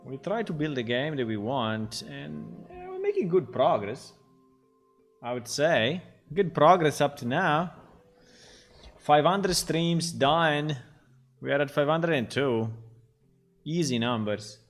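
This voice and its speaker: Slow, lively game dev streamer man. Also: a little high, soft background music. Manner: rambling, amused, thinks aloud. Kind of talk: live development stream chat.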